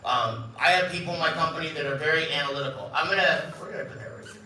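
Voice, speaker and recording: A man's voice: fairly high pitch, very fast, pushed and bright, far from the mic, slight background noise. Joking middle-aged man speaking in an echoey room. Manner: joking, storytelling, acts out quoted voices. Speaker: company CEO giving a talk. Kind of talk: live event speech. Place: large event room.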